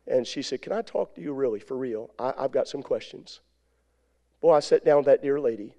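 A man's voice: medium pitch, a little fast, dark tone. Folksy man preaching a story. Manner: folksy, rambling, with repetitions and asides. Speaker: evangelist. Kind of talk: storytelling sermon.

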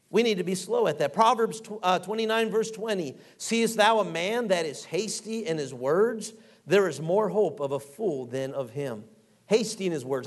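A middle-aged man with a high voice delivers a folksy, animated sermon, acting out quotes and reading scripture aloud.

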